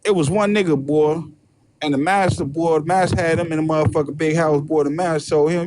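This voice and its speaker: A man's voice: fairly high pitch, steady tone, a little fast, a little mellow, slight background noise. A man hosting a show, delivering a heated, profane rant full of repetition. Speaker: host. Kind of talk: profane ranting commentary.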